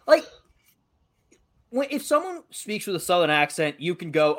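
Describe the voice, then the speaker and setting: Young male co-host, light Massachusetts accent, high lively voice, jokey and profane. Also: moderate pace. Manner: animated, joking, swears freely. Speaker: podcast co-host. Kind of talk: casual chat.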